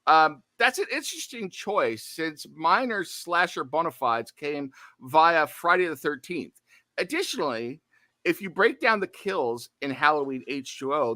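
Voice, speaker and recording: A man's voice: on the high side, sharp tone, no room sound. A man co-hosting a horror movie podcast, chatting casually with jokey, self-deprecating asides. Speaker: podcast co-host.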